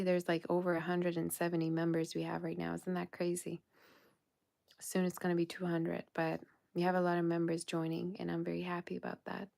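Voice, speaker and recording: A woman hosting a tarot livestream, winding down late at night in a soft, affectionate tone that often drops to a whisper. She sounds tired. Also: lowish voice, vocal fry. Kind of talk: casual livestream sign-off chat.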